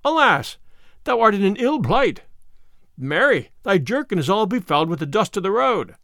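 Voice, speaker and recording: A man's voice: sits high, very animated, moderate pace, vocal fry, fairly bright tone, no echo, clean studio sound, heavily acted. A man voicing Little John, a sly male outlaw who teases with mock soberness. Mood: teasing.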